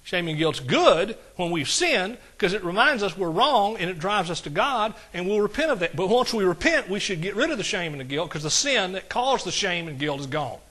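A man's voice: high-pitched, big pitch swings, moderate pace, few pauses, pushed and bright, slightly rough. A man preaching a sermon, folksy and conversational, with asides to his congregation. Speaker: pastor.

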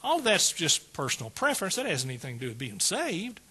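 A man's voice: on the high side, wildly swooping pitch, a little fast, bright, forceful tone, breathy edge. A male preacher giving a folksy sermon and calling out questions to his congregation.

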